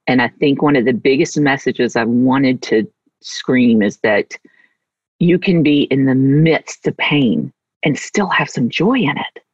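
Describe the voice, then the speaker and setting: A middle-aged woman author talks in a heartfelt, reflective way with a husky tone. Her voice comes through dry and slightly dull, like a remote recording. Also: rumbling low, measured pace, no room sound. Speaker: author guest. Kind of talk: conversational interview.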